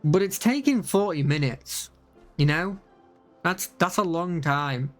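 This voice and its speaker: A young man talks casually on a live stream, rambling and circling back over his own points. His voice sits a little high for a man. Faint music plays underneath. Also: unhurried. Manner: rambling, repeats himself, many fillers and restarts.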